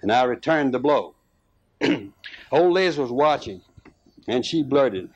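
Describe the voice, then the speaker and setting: A man reading a rural tale aloud as narrator, unhurried, with small restarts and fillers. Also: medium pitch, expressive.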